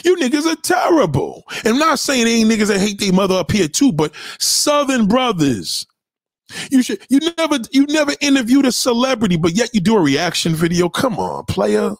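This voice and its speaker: High-pitched New man ranting hard. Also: very animated, normal speed, no echo, clean studio sound. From New York City. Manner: profane, loud, lecturing, rhetorical questions; swings pitch widely for emphasis. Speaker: commentator. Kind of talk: heated ranting commentary.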